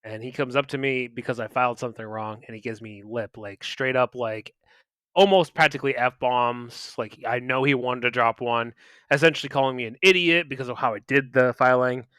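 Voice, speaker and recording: A man's voice: medium pitch, normal speed, fairly bright tone, smooth, no echo. A man co-hosting a casual podcast, rambling through workplace anecdotes with lots of fillers. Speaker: podcast co-host. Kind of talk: casual chat.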